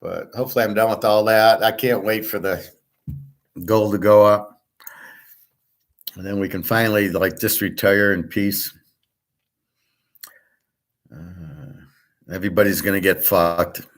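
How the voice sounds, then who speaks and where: A man's voice: lowish voice, steady tone, measured pace, pauses often. A middle-aged man hosting his own channel, talking in a blunt, rambling casual monologue and often repeating himself. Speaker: channel host.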